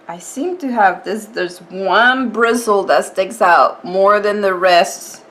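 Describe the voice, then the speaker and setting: A woman explaining her nail art tutorial step by step in a relaxed, chatty way, with fillers. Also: medium pitch, takes it slowly, hardly any pauses, a little hiss or hum.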